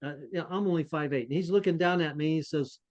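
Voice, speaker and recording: A podcast co-host tells a story in an animated, self-deprecating style. His voice rides a touch higher than most men's and he laughs at his own misadventures. The audio is muffled and lo-fi, lacking crispness. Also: fast. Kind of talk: casual anecdotal storytelling.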